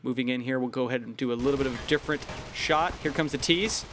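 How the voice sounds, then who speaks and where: A man's voice: mid-range voice, quick pace, background noise. A man casting a mobile shooter tournament live, tired but trying to keep the play-by-play upbeat. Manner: upbeat, pushing to keep energy up. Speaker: esports tournament caster.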